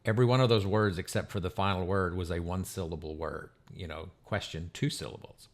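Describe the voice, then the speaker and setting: Low-voiced man chatting casually. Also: fairly even intonation, a little fast. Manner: conversational, many fillers. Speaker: podcast co-host, lawyer. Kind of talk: casual professional chat.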